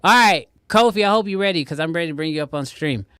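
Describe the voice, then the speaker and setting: A young man hosting a live stream with a high, animated voice that bounces all over the place. He protests in mock outrage as his friends tease him, and his voice sounds close and dry. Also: fast, smooth, dry recording. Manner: playful, exaggerated protests. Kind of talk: casual joking chat.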